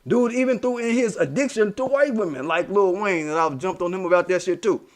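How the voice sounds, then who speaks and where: Heated, high-voiced man ranting profanely. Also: fairly quick. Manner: heated, profane, streetwise slang, repeats himself. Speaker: commentary channel host. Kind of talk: profane monologue commentary.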